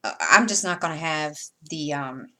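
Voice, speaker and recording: Here a middle-aged crafter from the US with a light Southern accent, a cross-stitch vlogger, chats away to viewers while sorting floss, her rambling sentences frequently tailing off into fillers. Her somewhat low voice comes across animated and sharp in tone, at a moderate pace.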